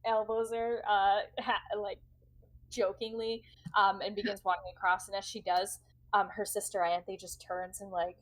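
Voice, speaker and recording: A woman's voice: mid-range voice, level tone, normal speed, low-quality recording. Giggly woman running a tabletop game. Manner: chatty, giggly narration with many fillers. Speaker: game master.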